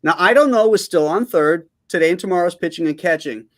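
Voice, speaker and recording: A man's voice: high voice, fairly quick. A man hosting a casual video call chat, asking questions and teasing his guests in a playful way. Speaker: host.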